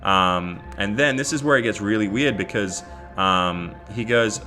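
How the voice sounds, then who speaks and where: A man's voice: fairly low pitch, measured pace, sharp tone, soft background music. An Australian man telling a story in a casual vlog, bemused as he recounts chat messages. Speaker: YouTuber.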